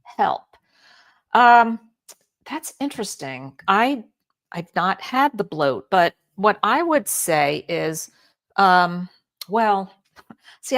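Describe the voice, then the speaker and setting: A middle-aged woman hosting a live-stream Q&A, reading viewer comments aloud and answering in a chatty way with many fillers and restarts. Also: low voice. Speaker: health channel host.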